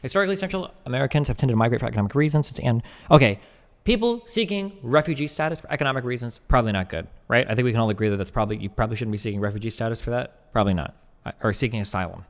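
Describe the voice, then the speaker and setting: A young man doing casual live-stream commentary, reading text aloud fast and breaking off to chat, joke and swear. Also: mid-range voice, animated, in a large hall.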